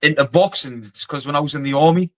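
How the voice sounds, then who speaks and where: A middle-aged Geordie man from North East England, a former soldier, tells stories as a guest in a casual interview, rambling bluntly and swearing freely. His fairly high voice is fast, with no room sound in a low-quality recording.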